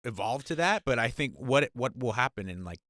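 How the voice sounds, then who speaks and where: A man's voice: mid-range voice, very animated, brisk, a bit bright, dry recording, clean studio sound. A man co-hosting a casual chat, thinking aloud and filling gaps with "like". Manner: musing, thinking aloud with many "like"s.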